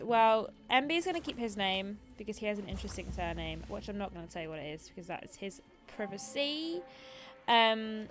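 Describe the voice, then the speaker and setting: A woman's voice: medium pitch, very animated, a little fast, a bit bright, faint music behind. A woman in her twenties hosting a gaming livestream, chatting casually and rambling with lots of fillers. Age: 20s. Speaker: streamer host.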